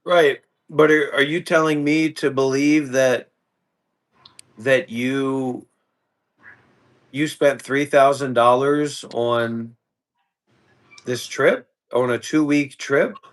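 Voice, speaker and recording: A man who streams live, talking in a casual, halting way with restarts, sounding tired. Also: mid-range voice, fairly even intonation. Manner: rambling, halting, repeats words. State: tired, yawning. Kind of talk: casual chat.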